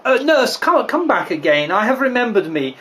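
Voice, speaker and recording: A man voicing a noble mother, measured, formal, composed, firm. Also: extremely high pitch, sing-song, a bit bright, slight background noise, heavily acted, poor audio.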